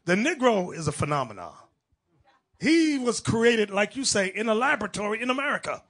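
A man preaching an animated sermon to a congregation, emphatic and mocking, acting out the people in his stories. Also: high-pitched, a little fast.

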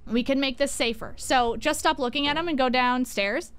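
High-voiced excitable woman gamer. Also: normal speed, clean tone. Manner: excitable, swears freely, coaches teammates. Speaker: streamer playing a co-op horror game with friends. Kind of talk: live gameplay commentary.

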